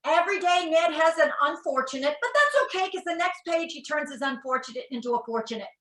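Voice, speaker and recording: Animated older woman, bright echoey voice. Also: high voice, brisk. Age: 60s. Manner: animated storyteller acting out quotes. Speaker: educational psychologist speaker. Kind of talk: motivational talk to parents.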